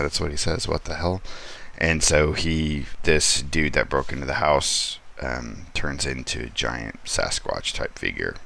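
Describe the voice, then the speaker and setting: Very deep-voiced, unhurried male reviewer. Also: pushed and bright. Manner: rambling, filler-heavy, amused. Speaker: comic book reviewer and host. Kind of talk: casual comic review.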